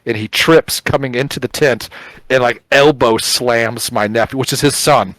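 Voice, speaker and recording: A middle-aged man co-hosting a chat show, telling an animated story, acting out quotes and swearing casually. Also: medium pitch, normal speed, no echo, low-quality recording. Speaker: podcast co-host.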